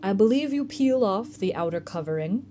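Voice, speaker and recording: A woman voicing a calm, mysterious male guardian of a graveyard in a measured storybook reading. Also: medium pitch, a little hiss or hum, lightly acted.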